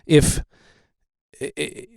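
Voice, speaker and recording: A young man hosts a podcast, rambling casually and swearing, his talk packed with fillers. His voice is darkish and very slow, with no room sound.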